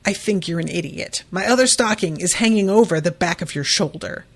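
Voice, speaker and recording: A woman reading aloud as an earnest young man trying to smooth things over, in a plain read-aloud voice. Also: lowish voice, a little fast. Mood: flustered.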